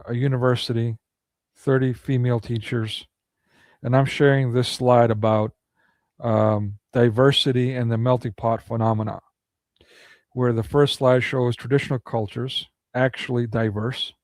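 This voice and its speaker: A man rants through a commentary monologue, firing off indignant rhetorical questions. His mid-pitched voice is gravelly. The recording is close and dry, with no room sound. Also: darkish tone, no echo. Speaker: political commentary vlogger.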